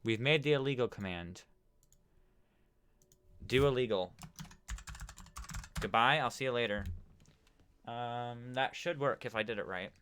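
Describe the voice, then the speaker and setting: A man's voice: medium pitch, a little slow, pauses often, a bit bright, a little hiss or hum. A man live-streaming a building game, chatting casually to viewers with lots of fillers. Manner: rambling, talks to chat with many fillers. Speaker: gaming streamer.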